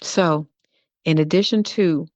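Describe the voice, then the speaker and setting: A woman's voice: low voice, slow, no room sound, lo-fi sound. A woman hosting a podcast, telling a personal story in an earnest way and repeating phrases for emphasis. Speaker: podcast host.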